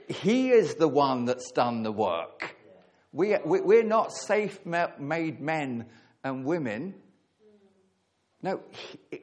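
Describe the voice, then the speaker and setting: A man preaching a sermon, earnest and emphatic, leaning hard on key words with pauses between phrases. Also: medium pitch, lively intonation, a little mellow.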